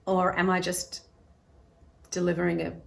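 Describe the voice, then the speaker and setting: Slightly low-voiced woman, chatty self-help talk. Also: completely flat delivery, moderate pace, vocal fry. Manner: chatty, acts out little voices in quotes; drops to a soft, quiet tone at times. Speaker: self-help video host. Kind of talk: casual talk to camera.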